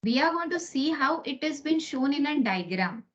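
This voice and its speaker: A woman's voice: sits high, lively intonation, normal speed. A woman teaching an online class, explaining step by step and often checking in with "okay?". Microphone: computer mic on a video call. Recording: lo-fi online meeting recording.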